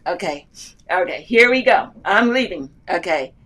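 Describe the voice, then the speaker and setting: A woman's voice: fairly low pitch, lively intonation, moderate pace, fairly bright tone. An older woman hosts a casual live stream, speaking from the heart in a loose, rambling and uplifting way. She reads her viewers' comments aloud and answers them as she goes, talking from an airport. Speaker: livestream host answering loom knitting questions.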